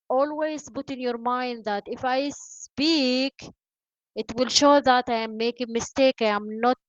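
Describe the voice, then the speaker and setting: A woman whose first language is not English, teaching an online English class by video call, encouraging and filling pauses with "you know" and "uh". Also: on the high side, no room sound. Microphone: video call mic. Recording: dull lo-fi video call audio.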